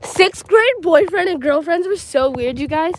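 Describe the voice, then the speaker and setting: A woman's voice: very high voice, lively intonation, normal speed, low-quality recording. A teenage girl telling a long rambling story on a phone livestream while walking around a school playground, full of "like" and "um". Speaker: livestreaming vlogger. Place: outdoors at a school field and playground. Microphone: handheld phone.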